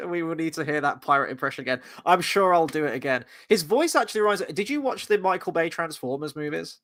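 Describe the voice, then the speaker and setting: A man's voice: a little high, animated, fairly quick, fairly bright tone. Rambling, playful man hosting a review chat. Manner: rambling, playful, lots of asides. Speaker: host.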